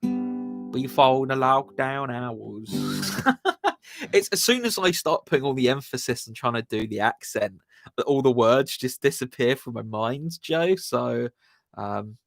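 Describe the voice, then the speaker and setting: A man's voice: mid-range voice, a bit bright, no echo. A man hosting a music live stream, chatting casually with viewers in a laid-back, rambling way and greeting them by name.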